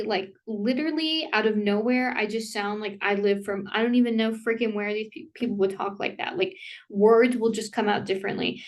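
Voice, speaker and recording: A woman talking casually to camera in a rambling, self-interrupting way, filling her speech with "like" and quick apologies, with laughs between thoughts. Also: mid-range voice. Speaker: vlogger. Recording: voice somewhat distant from the mic.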